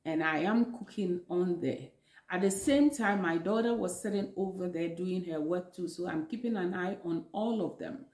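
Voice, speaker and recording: A woman's voice: medium pitch, warm tone, roomy sound. A woman with a Ghanaian accent gives earnest, preachy relationship advice to camera from her home kitchen, repeating phrases for emphasis. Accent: Ghanaian English. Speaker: vlogger giving relationship advice. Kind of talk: home video talk to camera.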